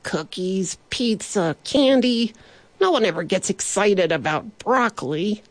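A woman's voice: medium pitch, animated, a little slow, no echo. A woman voicing a lonely broccoli who tries to act as a villain but sounds nervous and sad. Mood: mopey. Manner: timid, mopey.

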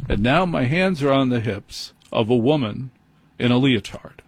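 A man's voice: mid-range voice, lively intonation, moderate pace, breathy edge, no room sound. A man hosting a late-night call-in radio show, telling a wry, self-deprecating story in a conversational way. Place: radio studio.

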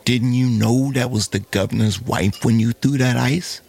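A man's voice: medium pitch, steady tone, moderate pace, vocal fry, darkish tone, slightly rough, voice pushed up. A man voicing the singer's teasing companion.

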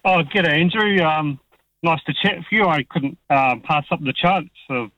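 A man, calling in to talkback radio, speaking in a halting, hesitant way. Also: fairly high pitch, no room sound. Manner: halting, hesitant, searching for words. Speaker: caller. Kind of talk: talkback call-in chat. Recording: dull phone line.

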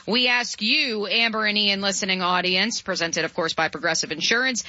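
Female sports radio co-host, bright voice, brisk promo reads and banter, dry slightly dull studio sound. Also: mid-range voice, dry recording. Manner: brisk, reads sponsor and phone lines. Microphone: studio microphone.

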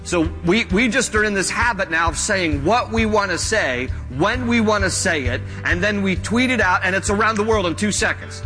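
A man's voice: sits high, normal speed, few pauses, sharp tone, long reverb tail, soft background music, low-quality recording. A man preaching a sermon as pastor, talking conversationally and acting out the lines he quotes.

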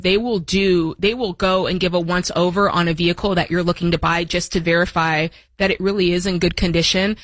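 A woman on a call-in advice show walks through practical tips one step at a time in an easy, conversational tone. Her voice is mid-pitched and sounds dry and close to the mic. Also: a bit bright, no room sound. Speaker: co-host of a call-in money show. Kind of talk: casual radio advice chat.

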